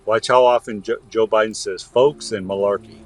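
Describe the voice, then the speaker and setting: A man's voice: fairly low pitch, steady tone, fairly quick, poor audio. A man from the US West Coast co-hosting a podcast, talking in a heated, ranting way. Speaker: podcast co-host. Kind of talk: casual political chat.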